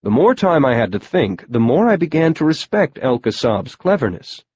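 A man's voice: fairly high pitch, sing-song, normal speed, darkish tone, husky, lo-fi sound. A man narrating a first-person audiobook in a wry, matter-of-fact storytelling manner.

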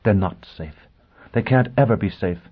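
A proud, bitter young woman with a cutting, scornful tongue, as a male audiobook reader plays her. The voice sits very deep and sounds husky. It comes through thin and tinny, like a phone line. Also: normal speed. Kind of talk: audiobook character voice.

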